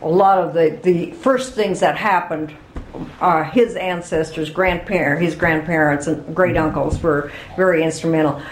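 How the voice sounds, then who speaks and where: A woman's voice: low-pitched, fairly even intonation, moderate pace, echoey room, slight background noise, poor audio. An older woman being interviewed, chatty and reminiscing, laughing as she remembers. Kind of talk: oral history interview.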